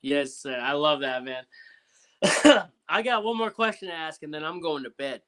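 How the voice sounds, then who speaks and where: A man from Canada hosts a podcast with a bright voice. He tells stories in a loose, rambling way, full of fillers and restarts. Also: on the high side, animated, normal speed. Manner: rambling storyteller, many fillers. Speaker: podcast host. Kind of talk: casual chat.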